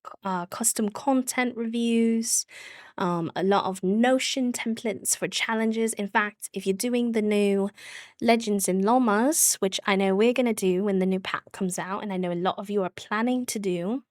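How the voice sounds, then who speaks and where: Woman doing a bad British accent, bubbly greeter, middling pitch, dry close sound. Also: mellow, dry recording. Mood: playful. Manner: bubbly, quick greetings with frequent laughter. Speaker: streamer.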